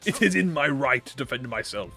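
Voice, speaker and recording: A man's voice: medium pitch, lively intonation, fairly quick, vocal fry, sharp tone. A man streaming a game, bantering with chat in a playful, mock-threatening way with theatrical, swearing outbursts. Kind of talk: casual livestream gaming commentary.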